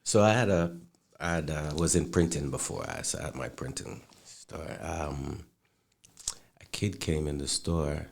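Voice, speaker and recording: A man from Jamaica with a Jamaican accent, a designer being interviewed, telling stories at an easy pace with filler pauses. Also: rumbling low, creaky. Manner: easygoing storyteller, pauses with fillers. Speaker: guest, clothing designer. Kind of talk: interview talk.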